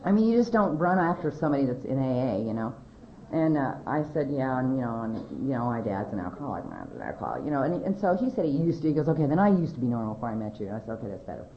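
A woman's voice: expressive, racing. A middle-aged woman from California telling her recovery story to a crowd, rambling and conversational with many fillers and restarts. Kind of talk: personal testimony talk to an audience. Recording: echoey hall, dull lo-fi sound, faint rumble.

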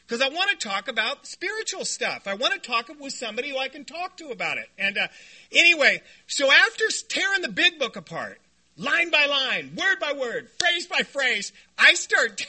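A man telling a personal story at a recovery meeting, animated and self-deprecating, often laughing. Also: very high voice, moderate pace.

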